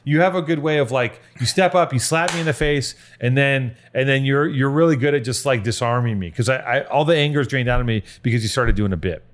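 A man hosting a casual comedy podcast, rambling and swearing as he riffs, restless and quick to jump between thoughts. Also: mid-range voice. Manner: rambling, profane, restless, riffing. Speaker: podcast host.

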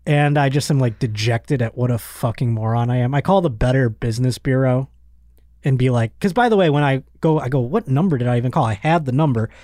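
A man in his thirties hosts a podcast from a studio, telling a long story in a casual, animated way. He slips into other people's voices as he goes. The sound is dry and close. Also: medium pitch, a little fast, no room sound. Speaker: podcast host.

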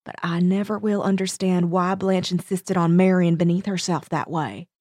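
A woman's voice: fairly low pitch, fairly even intonation, normal speed, darkish tone, dry recording, clean studio sound, close to an everyday voice. A woman voicing Cater Lee, a catty middle-aged Southern woman with a Southern accent, drawling snide gossip. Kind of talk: dramatic reading aloud.

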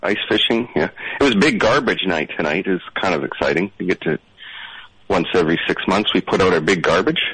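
A man playing a meek, rambling caller phoning in to a radio show, halting and apologetic, with a dry mouth. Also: low voice, expressive, a bit bright, breathy edge, dry recording, heavily acted, poor audio. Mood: hesitant.

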